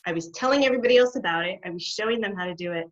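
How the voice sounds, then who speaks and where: A middle-aged woman, a guest behaviour specialist, telling her stories in an animated way and laughing often. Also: medium pitch, very fast. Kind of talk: conversational interview. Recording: dull lo-fi sound.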